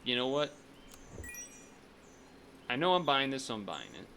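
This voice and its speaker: Lively rambling man streaming gameplay. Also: medium pitch, a little slow, slight background noise. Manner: rambling, thinks aloud, restarts sentences. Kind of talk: casual gameplay commentary.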